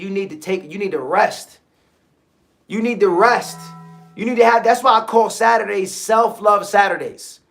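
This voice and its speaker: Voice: medium pitch, a bit bright. A host giving a motivational talk on a livestream, speaking casually, repeating key phrases and often checking in with listeners. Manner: conversational, repetitive, checks in with listeners.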